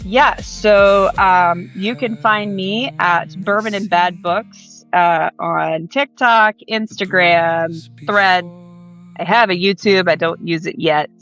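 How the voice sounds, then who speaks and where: A woman's voice: medium pitch, slow, a bit bright, soft background music. Chatty woman with a toned-down Southern accent. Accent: Southern American, mostly toned down. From American South. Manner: chatty, blunt, laughs often. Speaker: guest author. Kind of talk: casual podcast interview. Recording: dull, slightly lo-fi audio.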